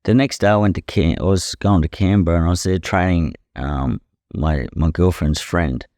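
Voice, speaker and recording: Here a young Australian professional boxer speaks candidly on a podcast, his storytelling blunt, full of swearing and peppered with "you know." He has a deep, slightly mellow voice and keeps a moderate pace. The clean studio recording has no echo.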